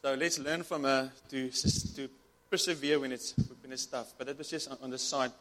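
A man's voice: mid-range voice, steady tone, moderate pace, a bit bright. A man preaching a sermon with fervent, repetitive delivery, often restarting his words. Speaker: pastor.

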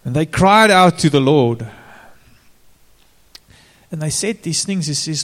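A man's voice: fairly high pitch, animated, slow pace, long pauses, fairly bright tone. A man preaching a sermon in an informal way, turning to the congregation with direct questions. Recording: long reverb of a large hall.

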